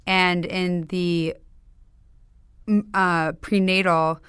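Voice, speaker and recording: Woman podcast guest, chatty and self-deprecating, smooth tone, close and dry. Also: lowish voice, little pitch movement, very slow, fairly bright tone, no room sound. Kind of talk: casual podcast chat.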